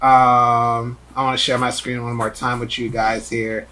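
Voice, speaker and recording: A man's voice: medium pitch, level tone, a little slow, bright, forceful tone. A man hosting a podcast, telling stories animatedly in casual chat with lots of filler words. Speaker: podcast host.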